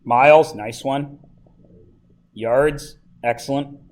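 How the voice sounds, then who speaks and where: A male teacher from Canada speaks in an ordinary, mid-pitched voice. He keeps a high school class engaged with quick questions and light teasing. He is recorded in a classroom. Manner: chatty and joking with the students, asks lots of questions. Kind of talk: classroom lesson.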